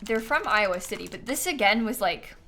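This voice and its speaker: Bright, lively woman streamer chatting. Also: mid-range voice, fairly quick, faint music behind. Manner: chatty, giggly, answers chat questions. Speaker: streamer playing a life-sim game. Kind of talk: casual live-stream chat.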